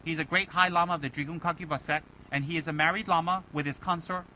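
High, bright-voiced lama teasing his students. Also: quick pace, a little hiss or hum, low-quality recording. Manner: animated and teasing, fires rhetorical questions and mimics critics. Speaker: Buddhist lama teaching students. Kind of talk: informal dharma talk to students.

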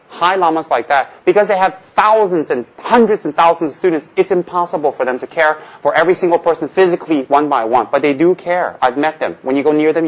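A man's voice: fairly high pitch, rough recording. A man from Tibet teaching as a Buddhist teacher in a casual Dharma talk, joking and asking rhetorical questions, often repeating phrases.

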